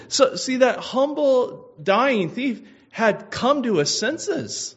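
A man's voice: extremely high pitch, expressive, slow, hardly any pauses, slightly rough. A man preaching a sermon, asking his listeners probing questions and repeating phrases for emphasis. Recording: muffled lo-fi recording.

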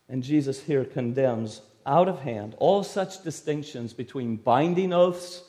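A man preaching an expository sermon, verse by verse, with an emphatic delivery that swings between loud stresses and sudden quiet drops. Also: on the high side.

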